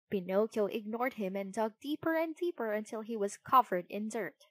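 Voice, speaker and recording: A woman narrating a children's storybook in an expressive, unhurried way. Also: mid-range voice, no echo.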